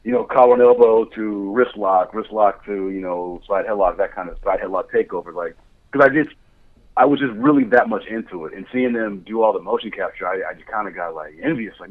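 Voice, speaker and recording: Guy guest on a podcast, kinda low voice, chatty and candid, sounds like he's on a phone line. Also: expressive, fairly quick. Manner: candid, chatty storytelling with frequent laughs. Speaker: guest, motion capture director. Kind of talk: casual podcast chat.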